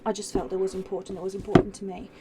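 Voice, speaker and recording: A woman's voice: mid-range voice, level tone, very fast, heavy background noise. A woman hosting a live craft demo, chatting in a rambling way with many ums and restarts, reading out viewer comments as she works. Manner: reads viewer comments aloud while working.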